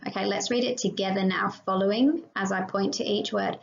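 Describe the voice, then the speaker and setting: Australian woman, teacher, slow and encouraging, gravelly fry, dull lo-fi recording. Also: medium pitch, steady tone, slight background noise. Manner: slow, encouraging, sounds out letters. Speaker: prep teacher. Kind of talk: phonics lesson for young children. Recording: dull lo-fi sound.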